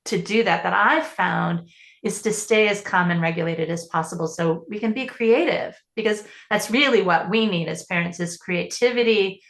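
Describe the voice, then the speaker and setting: A woman's voice: mid-range voice, moderate pace, gravelly, fairly bright tone, reverberant. A woman parenting coach answering interview questions in an earnest, explanatory way, often restarting her sentences.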